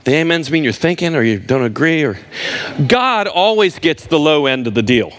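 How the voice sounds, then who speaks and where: Male preacher, slightly high voice, emphatic sermon delivery that leans on repetition. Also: big pitch swings, normal speed, fairly bright tone. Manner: emphatic, repeats words for stress, addresses listeners directly.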